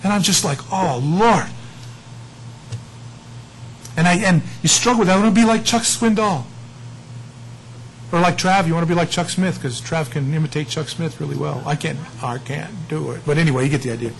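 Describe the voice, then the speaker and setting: A man's voice: a little high, a little fast, vocal fry, slight background noise, low-quality recording. A middle-aged male pastor teaching the Bible in a casual, conversational and self-mocking way.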